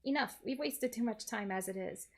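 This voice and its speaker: A woman's voice: a little high, moderate pace. A woman voicing a pompous, grandiose small male villain while reading a game aloud. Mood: menacing. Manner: pompous, theatrical.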